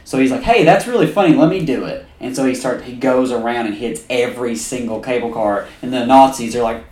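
A man co-hosting a casual movie podcast, telling stories in an animated way, acting out quotes and swearing often. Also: medium pitch, a little fast, a little hiss or hum. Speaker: podcast co-host. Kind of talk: casual chat. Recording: roomy echo.

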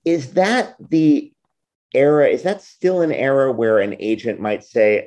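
A man's voice: mid-range voice, unhurried, a little mellow. A man hosting an interview podcast, chatting casually and asking eager questions. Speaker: podcast host.

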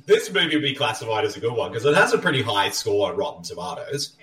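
A man with a lowish voice and a lively, swinging pitch hosts a relaxed movie commentary. He chats, laughs easily and fills the gaps with ums. He sounds set back from the mic in a roomy space with faint music behind. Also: fast, recorded from a distance. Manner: chatty, laughs often, trails off with um and uh. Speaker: podcast host.

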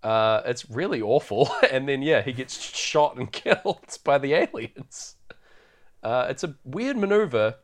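A man's voice: mid-range voice, lively intonation, a little slow. A man hosting a podcast, chatting loosely through a film recap and laughing often. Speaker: podcast host. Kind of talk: casual film recap chat.

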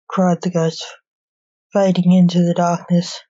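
Woman, storybook narrator, calm, slow, dull lo-fi sound. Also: fairly low pitch, slightly rough. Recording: dull lo-fi recording.

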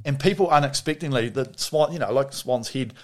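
A man's voice: mid-range voice, fairly quick. A man with a New Zealand accent telling stories in casual chat, rambling and laughing often.

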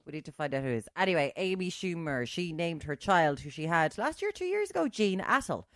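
A woman, a radio co-host chatting casually, lively, teasing and self-mocking. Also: low-pitched, a little fast, no room sound, studio quality. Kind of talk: casual chat.

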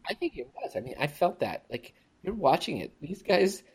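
Animated man hosting a podcast. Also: a little high, moderate pace, a loud crowd. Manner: animated, rambling, laughs often. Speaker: podcast host. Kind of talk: casual movie review chat.

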